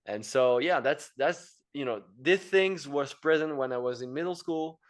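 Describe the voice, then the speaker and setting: The guest on this podcast, a French engineer-entrepreneur in his thirties, chats casually in English with a French accent, keeping a measured pace and a medium pitch. He tends to ramble, leaning on fillers and repeating words.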